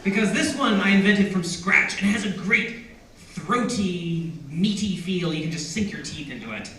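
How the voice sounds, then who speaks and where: A man with a bright, fairly high voice, playful and self-deprecating as he jokes and laughs with a crowd. He is heard from a distance, and the sound rings around a big echoing room. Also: expressive, moderate pace, a little hiss or hum. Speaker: author at a book signing. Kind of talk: reading excerpts and chatting with a crowd. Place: large indoor bookstore. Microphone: audience camera from a distance. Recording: echoey room, recorded from afar.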